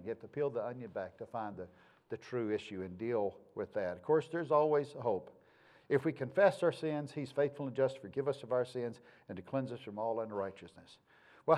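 A man's voice: mid-range voice, darkish tone. A male pastor, preaching in a folksy, conversational way with homespun sayings. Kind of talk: sermon.

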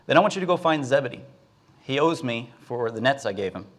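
A man's voice: mid-range voice, animated, quick pace, lightly acted. A man voicing a father who earnestly gives his son a list of errands. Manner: instructive, earnest.

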